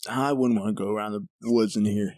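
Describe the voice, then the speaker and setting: A man's voice: fairly low pitch, fairly even intonation, brisk, darkish tone, dry recording, clean studio sound. A young man from the Pittsburgh area co-hosting a podcast in casual chat, teasing and laughing. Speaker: podcast co-host.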